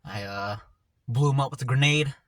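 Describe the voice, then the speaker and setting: A man's voice: medium pitch, moderate pace, no room sound. Laid-back rambling man storyteller. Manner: rambling, laid-back slang-heavy retelling with frequent trailing off. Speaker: mukbang vlogger. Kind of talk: casual storytelling while eating.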